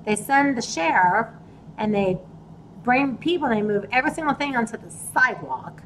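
A fairly high, fairly bright voice comes through poor audio with slight background noise as this woman speaks animatedly at normal speed. She's a podcast host and real estate investor telling a casual story, bringing the people she talked to to life in quoted voices.

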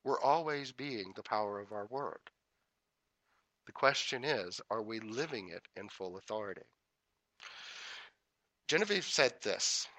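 A man teaching a spiritual talk, repeating affirmations in a measured rhythm, with folksy humorous asides. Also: lowish voice, fairly bright tone, no room sound. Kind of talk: inspirational talk.

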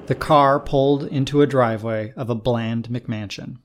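A man hosting a short-story show, reading the narration in a calm, measured way. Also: mid-range voice, a little hiss or hum. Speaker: narrator and host.

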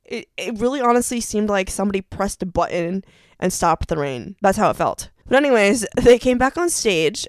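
A woman's voice: medium pitch, clean tone, no room sound, studio quality. A young woman hosting her own podcast, telling a story in bubbly, gushing casual chat full of fillers. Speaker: podcast host.

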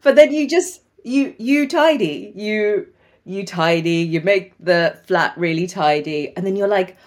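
A woman's voice: medium pitch, a little slow, darkish tone. A woman from Sri Lanka who works as a doctor, talking as a podcast guest in a chatty way, laughing often and using many fillers. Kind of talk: casual podcast conversation.

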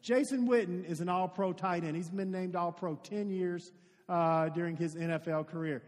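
A man's voice: high voice, fairly even intonation, normal speed, darkish tone. A man preaching a sermon, telling a story earnestly and addressing his congregation directly in a church. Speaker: pastor. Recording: long hall reverb.

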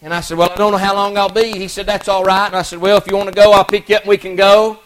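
A man's voice: high voice, little pitch movement, fast, rough recording. A middle-aged man, preaching a folksy, earnest sermon story with many restarts and repeated words.

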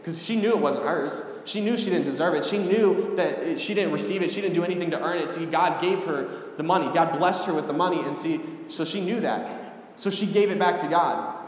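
Fast-talking young man preaching in an echoey hall. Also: a little high. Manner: casual, storytelling, repeats phrases. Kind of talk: sermon. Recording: echoey hall with long reverb.

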